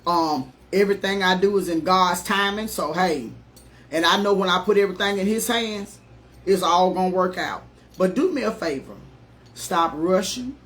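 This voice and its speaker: A woman's voice: on the low side, moderate pace, fairly bright tone. A middle-aged woman life coach giving an earnest, emphatic, folksy motivational talk on a live stream.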